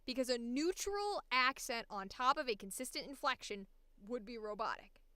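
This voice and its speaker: A woman's voice: fairly high pitch, lively intonation, moderate pace, pushed and bright, smooth, no room sound. A woman voice actor chatting casually on a livestream, laughing often and swearing freely. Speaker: voice actor streamer.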